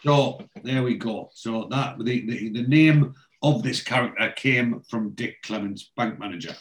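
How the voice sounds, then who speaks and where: A man's voice: mid-range voice, unhurried, low-quality recording. A man casually recapping a TV episode, rambling with many fillers.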